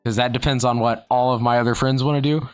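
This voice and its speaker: A man's voice: medium pitch, steady tone, fast, a little mellow, smooth, no room sound, faint music behind. A man streaming while finishing an art piece, chatting casually in a playful, jokey way and stretching words for emphasis. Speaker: streamer and digital artist.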